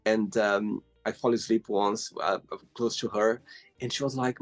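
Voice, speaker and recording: A man's voice: lowish voice, steady tone, normal speed, dry recording, soft background music. A man from Brazil hosting an interview show, friendly and teasing as he asks questions. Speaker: host. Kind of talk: casual interview chat.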